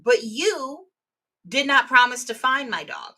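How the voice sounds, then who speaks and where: A woman's voice: high-pitched, expressive, a little slow, bright, forceful tone. A woman teaching real estate exam vocabulary in a live webinar, explaining terms with everyday examples.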